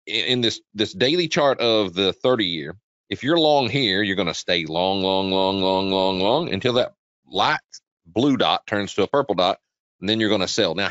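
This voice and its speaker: A man with a lowish, slightly bright voice hosts a trading webinar, chatting through the charts live and repeating himself while quizzing listeners. The recording has no echo and the dull, lo-fi quality of webinar audio.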